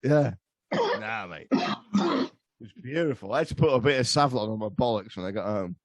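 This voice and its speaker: A man's voice: mid-range voice, huge pitch swings, moderate pace, dry recording, muffled recording. Crude rambling man. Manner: crude, rambling, laughing storyteller. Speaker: podcast guest. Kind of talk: casual crude podcast chat.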